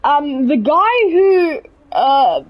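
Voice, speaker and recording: A woman's voice: high voice, big pitch swings, drawn-out words, low-quality recording. A young South African woman, a native Afrikaans speaker, giving casual, hesitant gameplay commentary full of fillers. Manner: hesitant, many fillers and restarts. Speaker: gaming video creator.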